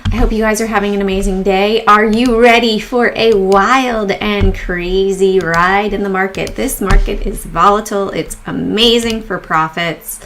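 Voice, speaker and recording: A woman's voice: medium pitch, fairly even intonation, moderate pace, hardly any pauses, a bit bright, a little hiss or hum. Chatty upbeat woman hosting a livestream. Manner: chatty and upbeat, greets viewers in chat. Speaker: stock market livestream host. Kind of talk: casual market commentary livestream.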